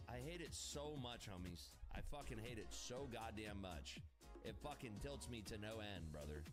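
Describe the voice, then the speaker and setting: A man streams his day trading and rants through it in a loose, profane, exasperated way. His pitch leaps and drops constantly, and steady music plays clearly behind him. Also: measured pace. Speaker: day trader streaming live. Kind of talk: casual live-stream commentary.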